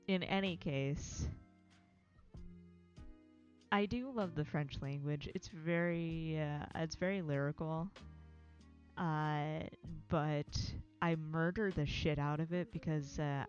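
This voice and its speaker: An American woman with a low voice chats on a livestream, rambling and self-deprecating, with frequent swearing and laughter. The sound is slightly muffled, and faint music plays underneath. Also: fairly even intonation, takes it slowly, long pauses. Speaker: livestream host. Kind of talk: casual rambling chat.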